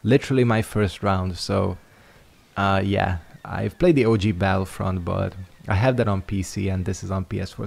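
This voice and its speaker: A man's voice: fairly low pitch, steady tone, fairly quick, gravelly, a little mellow. A young man casually talking over his gameplay, rambling and reflective with lots of fillers. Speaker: YouTuber.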